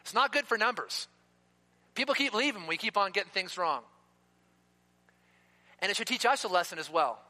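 A man preaching a sermon in an emphatic way, slowing down to stress key words. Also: sits high, expressive, pushed and bright. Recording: long reverb of a hall.

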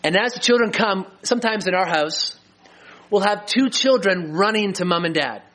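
A middle-aged man preaching a sermon as a pastor, earnest and slowing down to stress key lines. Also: high voice, animated, a bit bright. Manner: earnest, slows for emphasis.

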